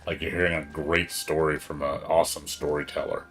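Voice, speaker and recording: Deep-voiced rambling game streamer man. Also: fairly quick. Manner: rambling, excitable, swears often. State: tired, up all night. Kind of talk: casual live-stream chat.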